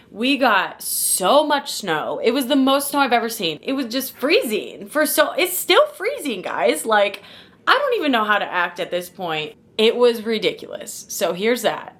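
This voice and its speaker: A woman's voice: medium pitch, fairly bright tone. A woman in her twenties from Missouri, chatting casually to camera as a vlogger, full of "like" and calling her viewers "guys" and "y'all". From St. Louis, Missouri. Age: 20s.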